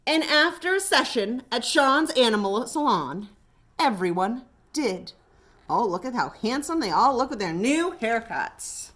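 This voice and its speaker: American librarian lady reading a kids story, high voice, lots of swoops, slow. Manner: animated, expressive. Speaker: children's librarian. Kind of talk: storytime read-aloud.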